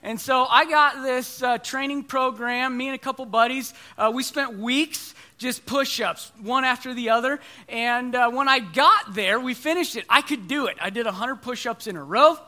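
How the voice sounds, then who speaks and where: A man's voice: very high-pitched, normal speed, hardly any pauses, bright, forceful tone. A man in his thirties preaching a sermon, telling stories in a conversational, self-deprecating way.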